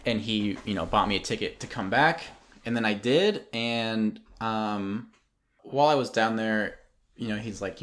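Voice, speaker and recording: Low-voiced young man rambling casually. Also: a little slow, a bit bright. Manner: rambling with many ums and likes, mimics others mockingly. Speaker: podcast guest, photographer. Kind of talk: casual storytelling.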